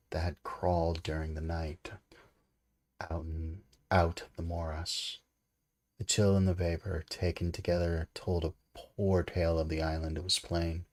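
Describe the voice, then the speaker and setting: A man reads a classic novel aloud in a deep, low voice. His reading is slow and steady. He sometimes slips on a word and starts the line again. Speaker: audiobook reader. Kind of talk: amateur storybook read-aloud.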